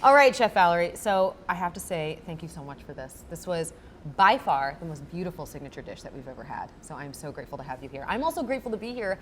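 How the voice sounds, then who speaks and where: A woman's voice: fairly low pitch, big pitch swings, fast, slight background noise. A woman hosting a casual food interview, enthusiastic and playful with lots of exclamations. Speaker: host.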